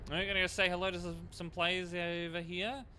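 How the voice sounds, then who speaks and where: A man's voice: high-pitched, level tone, brisk, background noise. A man live-streaming a driving game, chatting casually with viewers and reading their messages aloud between frequent fillers.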